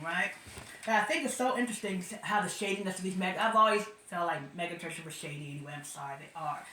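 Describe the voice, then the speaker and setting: A woman's voice: mid-range voice, fast, pushed and bright, reverberant. A woman giving casual commentary as a vlogger, blunt and sarcastic, often trailing off and restarting. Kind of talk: casual opinion monologue.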